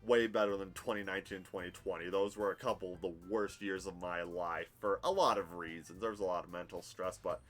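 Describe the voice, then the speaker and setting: A man's voice: low voice, fairly even intonation, fairly quick, hardly any pauses, a bit bright, faint music behind. A man in his thirties live-streaming a game, chatting candidly and rambling from one thing to the next. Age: 30s. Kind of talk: casual live-stream chat and game narration. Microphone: headphones with desk mic.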